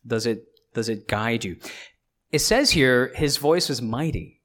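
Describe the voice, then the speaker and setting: A man's voice: medium pitch, lively intonation, a little slow, fairly bright tone. A man, a pastor, preaching a sermon in a conversational way, often checking in with the listeners by asking "right?" and restarting his phrases.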